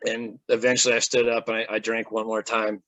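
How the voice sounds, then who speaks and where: A man's voice: fairly low pitch, brisk, no echo, rough recording. A man, a guest in an interview, telling a personal story casually and acting out what people said. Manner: animated, acts out quoted speech.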